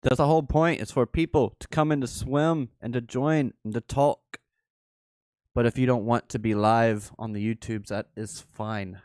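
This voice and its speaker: Unhurried, smooth-voiced male streamer, playful and jokey, dry close sound. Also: mid-range voice, fairly even intonation, darkish tone, dry recording. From Southern United States. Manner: playful, joking, laughs often. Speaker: livestream host. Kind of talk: casual livestream chat.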